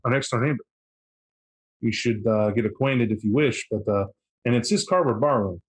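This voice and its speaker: A man's voice: medium pitch, fairly quick, close to an everyday voice, low-quality recording. A man voicing a proud, pompous male vampire in a tabletop game who declares his own importance. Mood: earnest.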